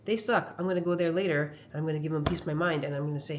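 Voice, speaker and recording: A woman's voice: deep voice, very fast, few pauses, background noise. A woman comedian talking casually to her camera at home, chatty and rambling as she tells stories. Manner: chatty, rambling, animated storytelling. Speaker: comedian vlogger. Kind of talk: casual vlog monologue. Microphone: phone camera.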